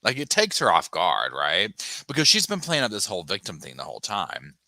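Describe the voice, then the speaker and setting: A man's voice: on the low side, a little fast, no echo. A man hosting a true crime livestream, chatting casually, reading viewer comments aloud and acting out the people he talks about in exaggerated voices. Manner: animated, sassy, mimics people in exaggerated voices; reads viewer chat aloud and thanks supporters.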